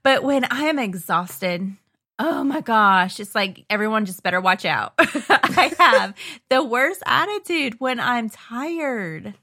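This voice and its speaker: A woman co-hosting a casual chat, bubbly and quick to laugh. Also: a little high, lively intonation, pushed and bright. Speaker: podcast co-host.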